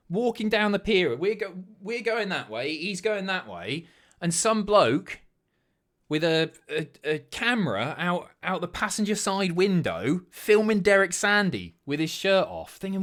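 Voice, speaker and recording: A man's voice: high-pitched, a bit bright. A man streaming, casually commenting on TV clips with a lot of swearing.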